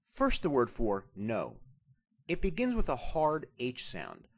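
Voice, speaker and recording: A man narrating a scripted language lesson as the instructor, speaking carefully and deliberately as he breaks down sounds. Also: mid-range voice, wildly swooping pitch.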